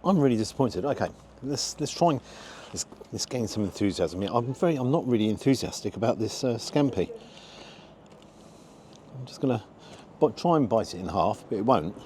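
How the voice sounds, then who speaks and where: A man's voice: medium pitch, expressive, brisk, warm tone, slight background noise. A man giving a frank, disappointed running commentary as he tastes food outdoors for his review vlog.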